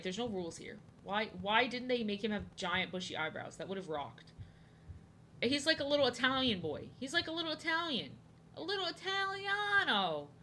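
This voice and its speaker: A woman's voice: medium pitch, sharp tone, a little hiss or hum. A young woman streaming from home, rambling and joking as she draws, often repeating herself. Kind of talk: casual chat while drawing. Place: home, indoors.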